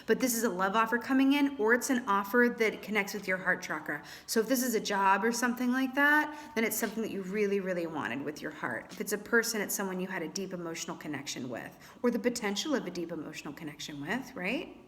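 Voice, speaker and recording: A young woman reading tarot cards for her viewers in a chatty, animated way, thinking aloud with lots of fillers. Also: mid-range voice, quick pace, hardly any pauses. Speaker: tarot reader. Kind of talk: casual tarot reading to camera.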